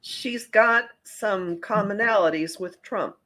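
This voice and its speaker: A woman astrologer co-hosts a casual talk show. She speaks slowly and in a measured, matter-of-fact way at an ordinary middle pitch, weighing each point as she goes. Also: fairly bright tone. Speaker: astrologer co-host. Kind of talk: casual chat.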